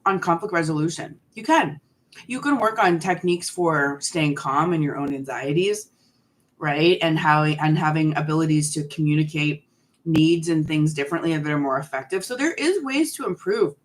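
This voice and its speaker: A woman's voice: lowish voice, fairly bright tone. A woman in her forties hosting a live stream, chatting candidly and answering viewers' questions while snacking on candy. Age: 40s.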